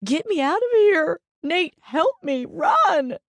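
A woman's voice: extremely high pitch, sing-song, slow, no echo, pitched above the performer's own voice, full character voice. A woman voicing a terrified young woman who pleads and sobs as she flees danger. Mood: frantic pleading. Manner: frantic, pleading, sobbing.

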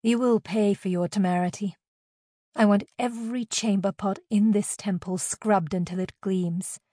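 A scornful, haughty high priestess, as a woman narrator puts her on, matronly and cutting in every word. Her voice sits at an ordinary middle pitch, recorded close and dry with no room sound. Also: fairly even intonation, normal speed, mellow, no room sound, close to an everyday voice.

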